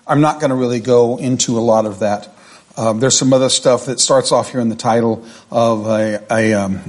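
A man leading a midweek Bible study, chatting with fillers and restarts, then reading scripture slowly and with deliberate emphasis. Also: mid-range voice, darkish tone.

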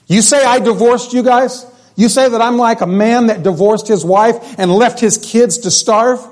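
A man's voice: very high-pitched, moderate pace, darkish tone, voice pushed up. A man voicing God as an indignant male deity who rebukes his people with emphatic rhetorical questions. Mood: pleading.

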